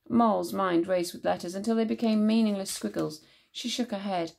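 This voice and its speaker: A woman teacher reading a children's novel aloud in a measured, expressive way. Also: mid-range voice, creaky.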